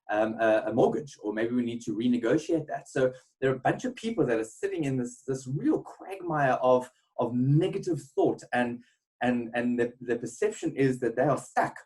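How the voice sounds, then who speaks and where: A man's voice: medium pitch, darkish tone, low-quality recording. A man gives a motivational webinar talk built on a personal story. He speaks earnestly, with frequent ums and repeated words. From South Africa. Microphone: webinar mic.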